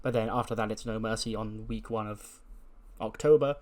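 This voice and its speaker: A man's voice: on the low side, fairly even intonation, moderate pace, a little mellow. A man hosting a wrestling sim playthrough, narrating casually with many fillers as he imagines the scene.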